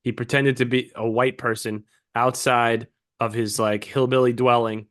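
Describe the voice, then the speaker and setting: Medium-pitched and moderately paced, this young podcast co-host argues his points emphatically and swears freely. The chat is casual, and he tells stories with animation.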